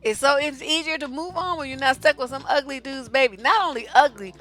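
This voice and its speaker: Woman, high bright voice, blunt sassy advice, profane, faint music behind. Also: a little fast. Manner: profane, sassy, animated storytelling. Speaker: relationship coach answering viewer questions. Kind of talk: blunt live-stream advice talk.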